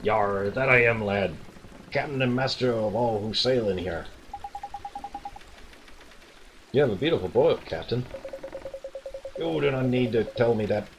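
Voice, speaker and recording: A man's voice: mid-range voice, background noise, close to an everyday voice. A man doing a pompous old pirate captain. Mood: boastful. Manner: slow, pompous pirate drawl. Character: boastful grand old male pirate captain.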